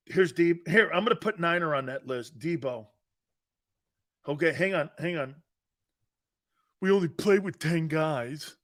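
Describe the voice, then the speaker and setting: A man's voice: high voice, bright, forceful tone. A man hosting a live sports talk show, teasing and joking with his chat and laughing often.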